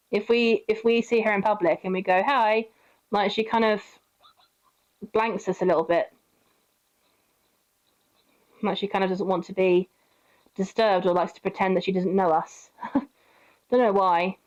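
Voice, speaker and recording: A woman's voice: mid-range voice, moderate pace, darkish tone, highs cut off. A young woman streamer telling a story while playing, chatty, laughing often and swearing freely. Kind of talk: casual storytelling while gaming.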